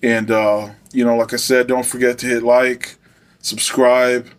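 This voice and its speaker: A man's voice: mid-range voice, little pitch movement, a little slow. Profane swaggering male storyteller. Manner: profane, swaggering, laughs while telling. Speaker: former correctional officer. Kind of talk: casual storytelling to camera.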